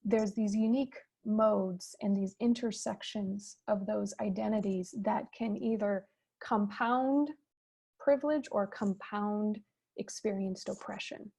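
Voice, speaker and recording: A woman with a gravelly, creaky edge to her mid-pitched voice moderates a fireside chat. She explains ideas in a measured, teacherly way, heard over a video call. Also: fairly even intonation, dark tone.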